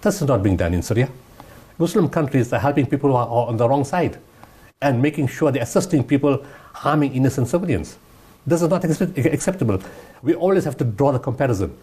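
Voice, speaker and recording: A man's voice: mid-range voice, expressive, fairly quick, warm tone, slightly rough. A man giving impassioned interview answers, emphatic and repeating his points. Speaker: guest humanitarian speaker.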